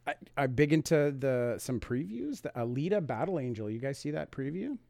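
A man's voice: mid-range voice, big pitch swings, a little fast, gravelly, warm tone, dry recording. A man appearing as a guest on a casual film podcast, easygoing and a little hesitant. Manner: easygoing, hesitant with fillers and restarts.

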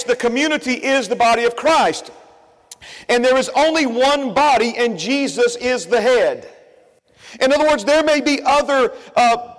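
Male pastor, very high voice, chatty sermon full of asides, long church reverb. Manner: conversational, with many asides and fillers; builds emphasis by repeating phrases. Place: church sanctuary.

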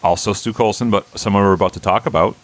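A man's voice: fairly low pitch, steady tone, no echo. A man co-hosting a casual podcast, joking around and laughing easily. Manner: playful, wisecracking, quick to laugh. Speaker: podcast co-host. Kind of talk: casual chat.

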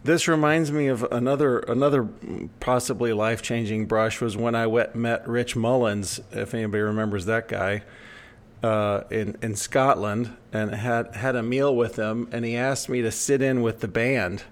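Man, from the US, casual storytelling, mid pitch, rambling, self-correcting. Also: moderate pace. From United States. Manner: rambling, self-correcting, animated when quoting others.

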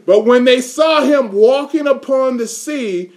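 A man's voice: extremely high pitch, unhurried, a little mellow. A male preacher delivering a sermon, reading scripture aloud and quizzing his congregation with fill-in questions in an emphatic way. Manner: reads scripture aloud in King James wording.

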